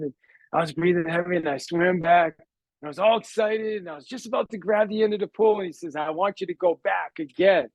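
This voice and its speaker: A man, a sales trainer, telling a personal story in a motivational talk, animated and acting out the dialogue while calling his listeners "guys". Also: sits high, no room sound, rough recording. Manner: acts out quoted dialogue in the story.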